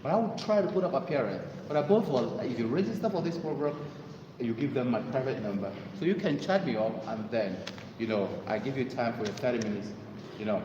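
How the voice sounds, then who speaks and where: A man giving a motivational talk to an audience, telling stories and pitching his mentorship. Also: brisk, highs cut off, noisy background. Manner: animated storytelling, sales pitch. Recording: echoey hall with long reverb.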